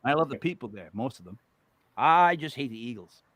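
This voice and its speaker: A man hosting a podcast in casual chat, joking and animated. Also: medium pitch, fairly quick, no echo. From New England, near Boston. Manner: animated, joking, slips into mock accents. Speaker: podcast host.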